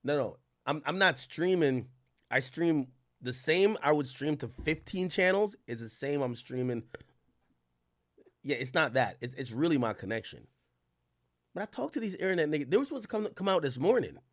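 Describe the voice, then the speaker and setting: A man hosting a livestream, telling a story in casual slang, animated and sometimes loud. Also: on the high side, moderate pace, dry recording, studio quality. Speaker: streamer host.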